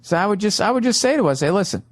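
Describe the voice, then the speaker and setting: A man's voice: high-pitched, lively intonation, racing. A middle-aged man, hosting a podcast and giving casual, profane, sarcastic advice. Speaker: podcast host.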